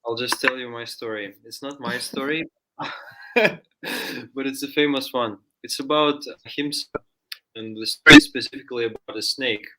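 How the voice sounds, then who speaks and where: A man's voice: medium pitch, moderate pace, pushed and bright. A man from Russia telling a folk story in a chatty way, full of fillers, in a studio. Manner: chatty, many fillers, acts out voices in story. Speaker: guest storyteller. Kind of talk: casual spoken storytelling.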